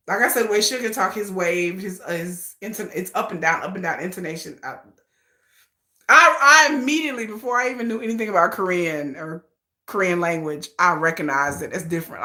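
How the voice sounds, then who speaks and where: A woman's voice: lowish voice, roomy sound. A woman hosting a casual livestream, chatting and laughing often as she talks to her viewers. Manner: chatty, animated, laughs often, addresses chat as y'all. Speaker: livestream host.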